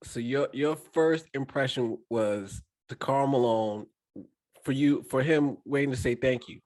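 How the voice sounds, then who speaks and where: A man's voice: mid-range voice, unhurried, a little mellow. A man hosting a podcast, eagerly urging his guest to tell stories. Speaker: podcast host. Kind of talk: casual interview chat.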